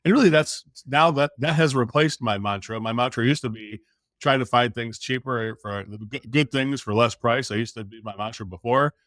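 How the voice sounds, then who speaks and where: A man's voice: medium pitch, moderate pace, no room sound, studio quality. A middle-aged American man, a sales coach, telling a story in a podcast interview, acting out the voices and swearing casually. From United States. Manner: animated storytelling, acts out quoted dialogue, casual swearing.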